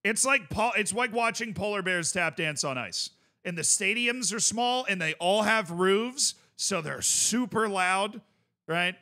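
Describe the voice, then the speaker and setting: A man's voice: high-pitched, expressive, a little slow, bright, forceful tone. A male streamer chatting casually while reacting to clips, enthusiastic and rambling, full of fillers.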